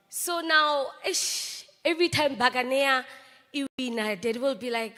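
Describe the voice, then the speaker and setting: Brief: slow, high, bright South African actress telling eulogy anecdotes in a reverberant memorial hall. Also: female voice. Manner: anecdotal, mixes languages, laughs between stories.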